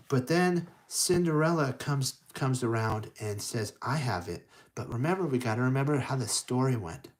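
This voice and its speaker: A man telling a children's story aloud in a loose, rambling way, often restarting his words. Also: mid-range voice.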